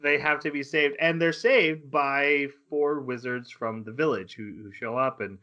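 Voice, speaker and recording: Bright-voiced man retelling anime scenes. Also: on the high side, highs cut off. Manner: animated retelling with quick voiced asides and laughs. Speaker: podcast co-host. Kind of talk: casual anime podcast chat.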